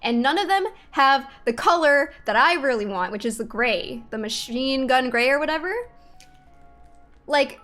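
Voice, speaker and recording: High-voiced young woman venting to her stream. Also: animated, normal speed, a bit bright, soft background music. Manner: exasperated venting, swears freely, laughs in disbelief. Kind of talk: casual chat to stream viewers.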